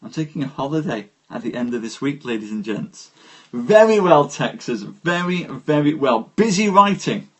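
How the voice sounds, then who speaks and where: A man hosting a live stream, reading poetry aloud and chatting with viewers, greeting them by name in an unhurried way. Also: medium pitch, sing-song.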